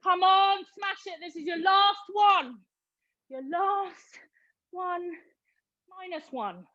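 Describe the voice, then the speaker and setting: A high-pitched British woman coaches a live online workout class, counting down reps and urging her students on in an unhurried way. The audio is slightly dull and lo-fi, like a video call. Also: pushed and bright. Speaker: fitness instructor.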